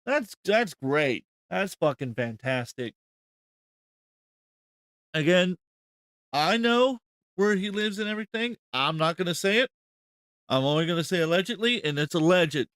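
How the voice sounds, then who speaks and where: A man's voice: mid-range voice, fairly bright tone, clean tone, no echo, studio quality. Incredulous, profane man commentating. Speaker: host. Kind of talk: reaction commentary.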